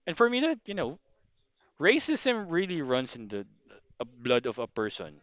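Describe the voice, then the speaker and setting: A Filipino man in his thirties hosts a podcast, rambling through a casual opinion monologue with many restarts and apologies. His voice sits on the high side with huge swings in pitch, at normal speed and with no room sound. The audio is thin, like a phone.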